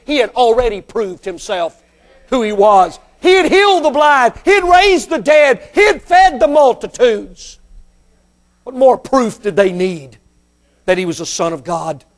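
A high-pitched man preaches a sermon directly to his listeners, repeating phrases for emphasis and building to shouts on key points.

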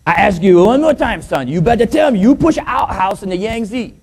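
A stern older father speaks in stiff, formal broken English, his voice set a little higher than the teller's own, as a man puts him on. He sounds dry and unbending. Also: animated, fairly quick, darkish tone, slightly rough, full character voice.

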